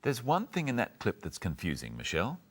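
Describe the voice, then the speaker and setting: A man co-teaching English, with expressive intonation and playful example dialogues. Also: medium pitch, fairly quick, slightly rough. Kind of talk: lively teaching with playful role-play.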